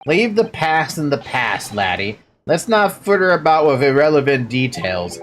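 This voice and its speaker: A hearty middle-aged Scottish governor rolls his words in a thick brogue, as a woman puts him on. The voice sits low and swings freely up and down. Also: big pitch swings, moderate pace, slight background noise. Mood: evasive. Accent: put-on Scottish. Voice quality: folksy, brogue-laden.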